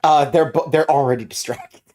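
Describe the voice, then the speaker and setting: A woman playing a tabletop game, giggly and quick to laugh while chatting. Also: low-pitched, a little mellow. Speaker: player. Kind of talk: casual tabletop play.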